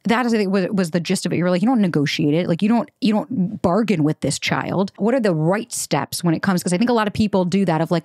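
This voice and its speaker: A woman hosting a podcast in casual conversation, chatty and rapid-fire, peppering her talk with "like" and "right?". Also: fairly low pitch, darkish tone, no echo, studio quality. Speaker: podcast host.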